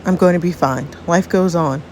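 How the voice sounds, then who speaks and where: A woman voicing a polite, heartbroken teenage girl who speaks with quiet resignation. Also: fairly low pitch, moderate pace, slight background noise, close to an everyday voice. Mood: resigned.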